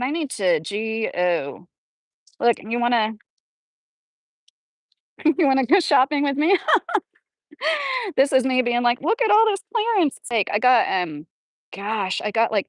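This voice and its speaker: A woman's voice: mid-range voice, no room sound. Chatty Southern woman on a live stream. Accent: Southern American. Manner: rambling, chatty, many fillers, reads viewer comments aloud. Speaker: livestream host. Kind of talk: casual live-stream chat.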